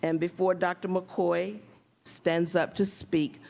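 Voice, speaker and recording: A woman's voice: fairly low pitch, little pitch movement, creaky, a little mellow. A woman hosting a community event, reading a formal introduction of the next performer. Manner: measured, formal announcing. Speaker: event host.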